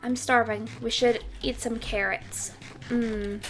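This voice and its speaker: A woman's voice: fairly high pitch, level tone, slow. A young woman hosting a casual Minecraft let's play, playful and chatty, often squealing over cute animals and repeating a silly oink catchphrase. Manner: playful, keeps saying oink oink oink. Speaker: gaming channel host.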